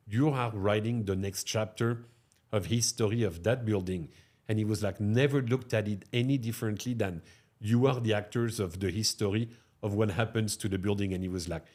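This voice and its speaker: A middle-aged man with a French accent, a restaurateur telling stories in an interview and tagging his sentences with "no?" and "huh?". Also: on the low side. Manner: animated, tags sentences with "no?" and "huh?". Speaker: restaurateur guest. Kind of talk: storytelling interview talk.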